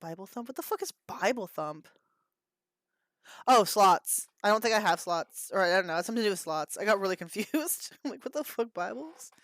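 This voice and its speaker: A woman's voice: mid-range voice, lively intonation, fairly quick. A woman in her thirties chats casually on a livestream, reacting to her viewers with frequent laughter and a lot of swearing. Her voice sits in an ordinary middle register. The sound is dry and close, with no room echo. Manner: profane, laughing, reacting to chat. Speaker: livestream host.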